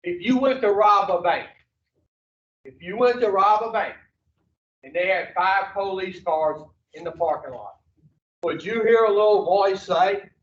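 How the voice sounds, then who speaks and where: In a meeting room at an addiction recovery center, a high-voiced man preaches to a recovery group, blunt and profane, firing question after question at them, a little slowly. He sounds distant in the roomy space, and the audio is dull and muffled.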